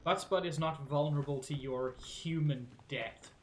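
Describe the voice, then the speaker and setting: A woman's voice: low-pitched, normal speed, slight background noise. A woman streaming a game live, thinking aloud in a casual, musing, self-mocking way with the odd swear.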